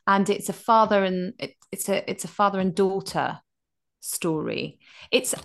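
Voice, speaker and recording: A woman in her thirties co-hosting a casual radio chat, reviewing a film with animated, restart-filled storytelling. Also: mid-range voice, measured pace, creaky. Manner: chatty, animated, many restarts. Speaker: radio co-host.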